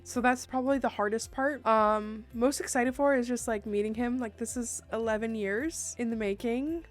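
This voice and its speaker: A woman in her thirties chatting casually as a vlogger, telling stories in a bubbly, animated way with excited outbursts. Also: mid-range voice. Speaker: YouTuber answering viewer questions. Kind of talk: casual chat.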